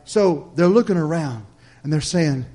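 A man, his voice sitting a little on the higher side, preaches in a rolling, repetitive cadence. He keeps checking in with the congregation and swings between booming emphasis and near-whispered tenderness. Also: lively intonation, measured pace. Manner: preacherly, repetitive cadence with call-and-response "Amen?"; swings from loud emphatic lines to soft hushed ones. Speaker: pastor. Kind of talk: sermon.

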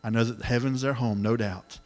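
A middle-aged man preaching a sermon, telling the story in an animated way and acting out the voices. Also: mid-range voice, brisk. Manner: animated storytelling, acts out voices, exclamations of hallelujah.

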